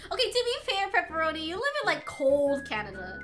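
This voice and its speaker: A woman's voice: extremely high pitch, big pitch swings, fairly quick, over music. A young adult woman streaming, chatting casually with viewers, laughing often and swearing freely.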